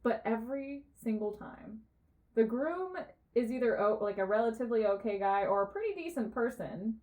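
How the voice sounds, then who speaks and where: Her voice a little high and her pace moderate, this woman co-hosts a podcast and tells a story in easygoing conversation. She stays animated, laughing a lot and cursing without restraint.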